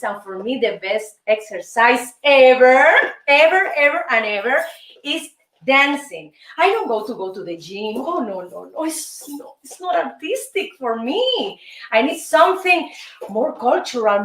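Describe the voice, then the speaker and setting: A woman with a Cuban Spanish accent teaching salsa steps, counting beats aloud and calling out moves in a chatty way. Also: high voice. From Cuba. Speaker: dance teacher and show host. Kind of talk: salsa lesson. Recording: roomy, distant mic, music behind.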